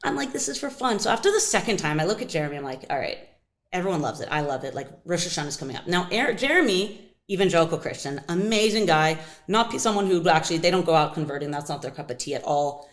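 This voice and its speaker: Fast-talking animated American woman. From United States. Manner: animated, acts out quotes with big pitch jumps. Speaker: kosher pitmaster guest. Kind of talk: conversational interview storytelling.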